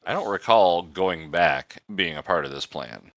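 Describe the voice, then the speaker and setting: Deep-voiced joking man gaming. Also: expressive, fairly bright tone, no echo, clean studio sound. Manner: joking, quick to laugh. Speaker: gaming commentator. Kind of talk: casual gaming chat.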